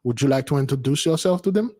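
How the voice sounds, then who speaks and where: A man hosting his channel, talking casually and haltingly with many fillers. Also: mid-range voice, animated, dark tone, in a large hall. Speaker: channel host. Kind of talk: casual talk with an AI.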